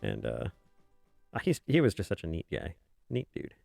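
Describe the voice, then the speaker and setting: A man's voice: low voice, huge pitch swings, moderate pace, creaky, dry recording. A man casually chatting on a drawing stream, rambling, chuckling and muttering to himself as he works. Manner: rambling, chuckling, muttering softly while working. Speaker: webcomic artist streaming. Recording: faint music behind.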